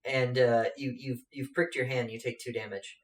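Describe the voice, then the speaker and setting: Halting game master in an echoey room. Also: male voice, medium pitch, little pitch movement, far from the mic. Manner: halting, many fillers. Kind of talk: narrating a tabletop game.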